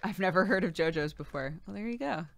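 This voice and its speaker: A woman's voice: lowish voice, lively intonation, fast talker, gravelly. A woman co-hosting a livestream with a playful, giggly manner, chatting casually and reading bits of articles aloud. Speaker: livestream co-host.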